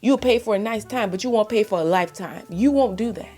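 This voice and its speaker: A woman's voice: medium pitch, fast, darkish tone, soft background music. A woman giving faith-based relationship advice in a blunt, impassioned monologue, full of exasperated rhetorical questions.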